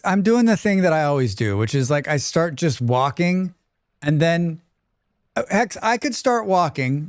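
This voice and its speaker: Clear-voiced casual game streamer, a man. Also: on the high side, no room sound, studio quality. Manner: relaxed, rambling, reads chat aloud. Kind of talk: casual live-stream chat while playing.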